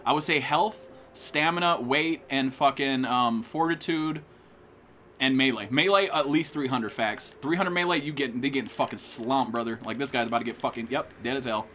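With a mid-range, sharp-toned voice at normal speed, a young American man streams a game live, trash-talking with lots of profanity and hype as he talks with viewers. Slight background noise can be heard.

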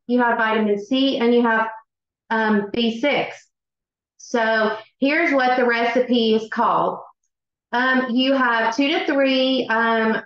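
A middle-aged woman with a Southern US accent hosting a live cooking class, chatty and excitable, with many fillers. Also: on the high side. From Southern United States. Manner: chatty and excitable, many ums, says y'all. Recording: echoey room, dull lo-fi sound.

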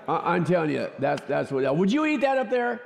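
A man preaching a conversational, joking sermon in a church, chatty and quick to laugh. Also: high voice, very animated, creaky. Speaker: pastor. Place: church sanctuary. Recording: echoey church hall.

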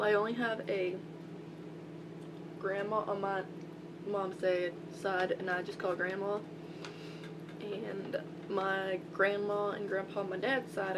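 A young woman from Georgia with a Southern accent, chatting casually as she reads a list of words and questions aloud, with rambling asides. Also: medium pitch. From Albany, Georgia, US. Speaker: vlogger. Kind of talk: casual accent-tag video. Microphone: built-in laptop mic. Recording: loud hum and static from a laptop mic.

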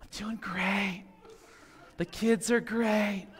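A man's voice: sits high, steady tone, extremely slow, a bit bright, husky, big-room sound, pitched above the performer's own voice, full character voice. A man voicing a relative at a holiday gathering who insists, falsely upbeat, that everything is great. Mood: fake cheery.

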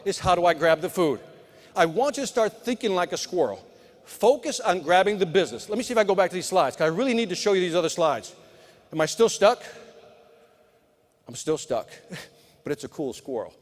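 High-pitched motivational man in a big hall. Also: lively intonation, fairly quick, pauses often. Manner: punchy motivational delivery, talks to the crowd. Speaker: keynote sales speaker. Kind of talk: live conference keynote. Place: large conference hall. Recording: long hall reverb.

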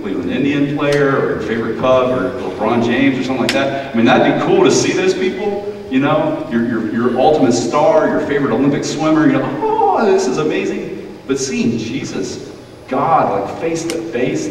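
A man's voice: medium pitch, slight background noise. A male pastor giving a playful children's sermon, now and then putting on quoted voices. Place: church sanctuary. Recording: echoey church hall, mic far off.

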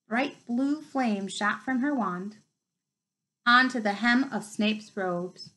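A woman reading a novel aloud with expressive, lively storytelling. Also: fairly high pitch, slow pace, poor audio. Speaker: reader.

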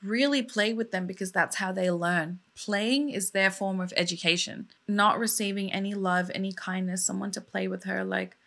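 A woman's voice: mid-range voice, fairly even intonation, normal speed, vocal fry, few pauses, a bit bright. A woman, a mother in her thirties or younger, telling a sad true crime story in a casual vlog, emotional and indignant as she talks it through.

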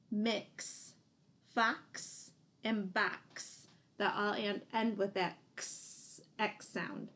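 A woman's voice: medium pitch, gravelly, fairly bright tone, a little hiss or hum. A woman teacher giving a phonics lesson to young children, sounding out letters and praising answers. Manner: slow, encouraging, sounding out letters.

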